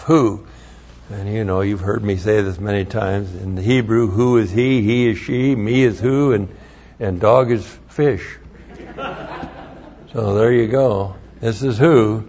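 A man's voice: fairly low pitch, takes it slowly, darkish tone, muffled recording, a little hiss or hum. A man teaching a sermon, studying Hebrew words, who repeats key phrases and spells out letters with emphasis. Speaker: Bible teacher.

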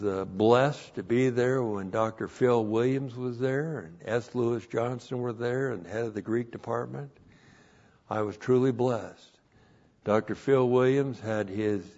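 A man preaching in a slow, unhurried delivery, repeating his phrases and swelling in volume when he stresses a point. His voice sits in a middle register, and the recording sounds dull and lo-fi. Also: mid-range voice, mellow. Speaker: pastor. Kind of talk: sermon with Bible teaching.

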